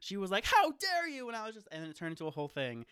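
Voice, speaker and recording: Chatty man with a bright crisp voice. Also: fairly high pitch, expressive, racing, dry recording, studio quality. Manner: rambling, full of "like" fillers, laughs often. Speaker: podcast host. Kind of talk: casual storytelling chat.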